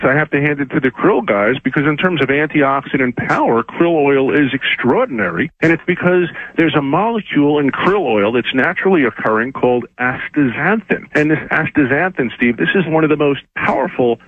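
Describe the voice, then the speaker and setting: A man in his fifties, an expert guest, giving an enthusiastic, persuasive radio sales pitch. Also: dry recording. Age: 50s. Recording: tinny phone-line audio.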